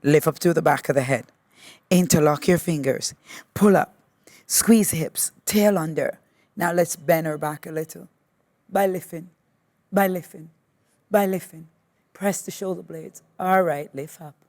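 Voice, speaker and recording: Calm woman yoga instructor, lower register, talks students through poses slowly and encouragingly. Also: no echo. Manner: slow, patient step-by-step cueing; gently encouraging. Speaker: yoga teacher. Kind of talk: guided yoga class instruction.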